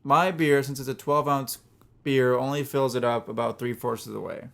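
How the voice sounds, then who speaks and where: A man's voice: medium pitch, fairly even intonation, moderate pace, gravelly. A young man co-hosting a casual podcast, joking and laughing often. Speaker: podcast co-host. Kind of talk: casual chat.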